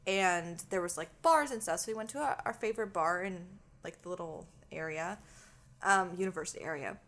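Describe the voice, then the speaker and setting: A woman's voice: fairly low pitch, a little fast. Canadian woman telling stories, swearing freely. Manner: animated storytelling, swears freely. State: itchy. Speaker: podcast co-host. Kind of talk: casual chat.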